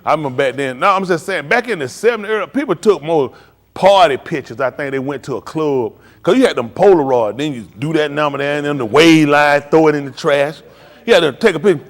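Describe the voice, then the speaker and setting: A man's voice: fairly high pitch, brisk. An older man hosting a live stream, telling joking stories in casual chat and mimicking other people's voices.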